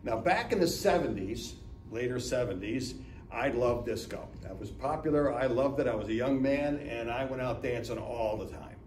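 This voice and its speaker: A medium-pitched, slightly mellow male voice at normal speed: a Northeast Ohio guest speaker in his seventies giving a business lunch talk, a chatty storyteller who acts out dialogue and keeps asking "right?". He's recorded from a distance in an echoey room, with a little hiss or hum.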